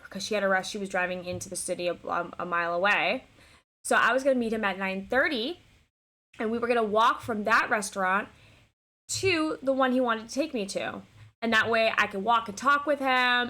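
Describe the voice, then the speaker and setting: Bright-voiced woman telling a story. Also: mid-range voice. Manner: animated, swears freely, full of restarts. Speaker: streamer. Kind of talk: casual storytelling to a live stream.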